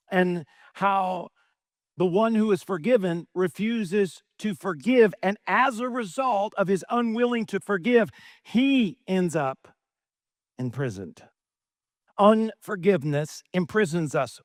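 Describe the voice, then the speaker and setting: Male pastor preaching, high voice, dry close sound, animated, rhetorical questions. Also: no room sound. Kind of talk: sermon.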